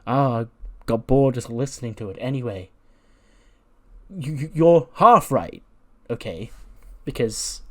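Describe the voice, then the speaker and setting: A man's voice: medium pitch, lightly acted. A man voicing a cocky, scornful veteran female wrestler who talks in a mocking, boastful way.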